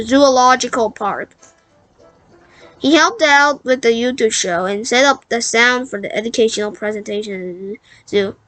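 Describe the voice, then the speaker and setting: A woman's voice: on the high side, bright, forceful tone, dry recording. A woman reading a storybook aloud, stumbling and correcting herself as she goes. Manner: halting, self-correcting read-aloud. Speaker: book reader.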